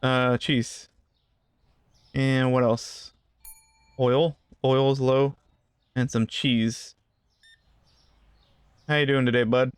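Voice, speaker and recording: A man's voice: medium pitch, level tone, very slow, long pauses, smooth, no room sound. A man giving casual gameplay commentary, rambling through asides and joking with the customers in the game. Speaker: gaming channel host.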